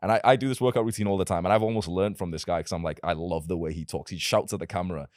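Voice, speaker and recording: A man's voice: deep voice, steady tone, very fast, darkish tone, no echo, studio quality. A young man in casual podcast conversation, talking as a self-improvement creator in a blunt, emphatic and provocative way.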